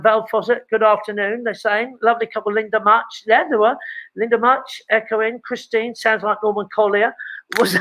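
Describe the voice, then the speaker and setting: A man's voice: high voice, sharp tone, dull audio. An older man, hosting a live show from his home and chatting at length, rambling with many fillers and restarts. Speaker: host. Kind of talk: casual live chat from home.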